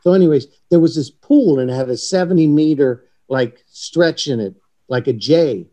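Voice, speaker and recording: A middle-aged man telling a long, rambling anecdote in a casual chat, animated and profane, acting out the other people in his story. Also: on the high side, moderate pace.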